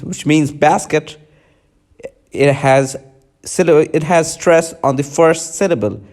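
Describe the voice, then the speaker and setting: A man's voice: on the high side, a little mellow. A man teaching a lesson, reading lecture notes aloud and often stopping to restart clipped words.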